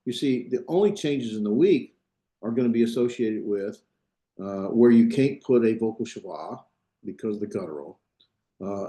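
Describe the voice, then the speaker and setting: A man lecturing on Hebrew grammar to a classroom, his voice mellow and warm. He walks through each point step by step, thinking aloud and pausing to check that students follow. The sound rings a little off the room's walls. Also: mid-range voice. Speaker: Biblical Hebrew instructor. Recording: echoey classroom.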